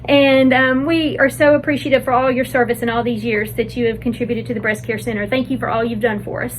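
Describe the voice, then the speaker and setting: Woman saying thanks and goodbye, grateful, kinda high voice, little background noise. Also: flat delivery, quick pace, low-quality recording. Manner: affectionate, grateful, with fillers. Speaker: breast center staff. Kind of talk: farewell message.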